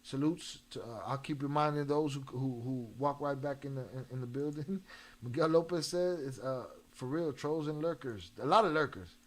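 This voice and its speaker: A man's voice: mid-range voice, normal speed. A man hosting a casual live stream, talking loosely in slang and reading chat messages aloud. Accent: Chicago. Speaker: livestream host reacting to videos.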